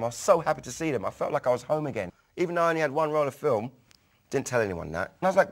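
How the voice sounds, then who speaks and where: Lively London man telling stories. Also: racing. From North London, England. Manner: animated storyteller who bursts higher and louder when acting out quotes. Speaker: photographer recalling his youth. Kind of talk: documentary storytelling.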